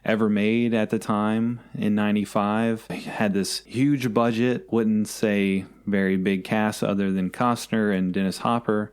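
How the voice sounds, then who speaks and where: A man in his thirties with a very low voice co-hosts a movie podcast. He rambles through casual chat, teases his co-host and often restarts mid-sentence. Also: clean tone. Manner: rambling, self-correcting, teasing.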